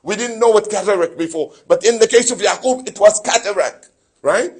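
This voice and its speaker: Preaching fervently in a mosque, a sheikh giving a Muharram lecture speaks a little fast in a high-pitched, slightly rough voice. He asks his listeners rhetorical questions and recites Arabic phrases from scripture.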